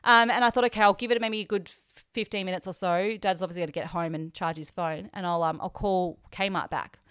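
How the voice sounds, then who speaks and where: Chatty Australian woman with a smooth voice. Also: on the low side, a little fast, no room sound, clean studio sound. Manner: chatty, emotional, quotes herself and others in lively voices. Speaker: podcast host. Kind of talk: personal storytelling. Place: hotel room.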